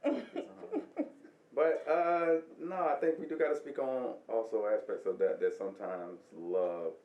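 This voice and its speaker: A man's voice: mid-range voice, steady tone, normal speed, a little mellow, recorded from a distance, dull audio. A man hosting a podcast, teasing his guests in casual chat and swearing freely. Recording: echoey room.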